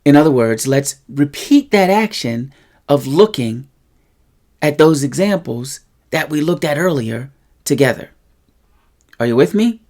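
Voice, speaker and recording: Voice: mid-range voice, animated, a little slow, long pauses, darkish tone. A language teacher talking through a casual lesson, explaining patiently and checking in with the listener often. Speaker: Spanish teacher.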